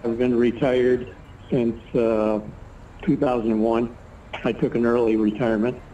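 A man in his seventies tells long, winding stories and acts out the other people's lines. His voice is warm and mellow, picked up from a distance on a poor recording with faint background noise. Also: medium pitch, flat delivery, a little slow. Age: 70s. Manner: rambling anecdotal storyteller, acts out others' lines. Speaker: retired engineer interviewee. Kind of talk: casual storytelling interview.

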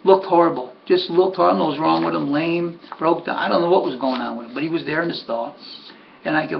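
An older man, a horse trainer, tells a rambling story from his past in a loose, conversational way. His voice is gravelly and sits a little high for a man. The recording is muffled and lo-fi, with a faint hum underneath. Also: fast talker. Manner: rambling, conversational, says "buddy", many restarts. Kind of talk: personal anecdote storytelling.

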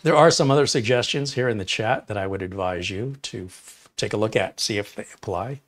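Lower-voiced guy on a tech livestream answering chat, opinionated and pumped about the future. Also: a little fast. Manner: opinionated, emphatic, enthusiastic. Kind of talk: live stream chat with viewers.

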